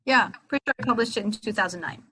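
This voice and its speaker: A woman's voice: mid-range voice, very fast, a little hiss or hum, rough recording. A middle-aged woman, a Reiki teacher and guest, casually telling a story in an interview and acting out past conversations. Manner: animated, acts out past dialogue.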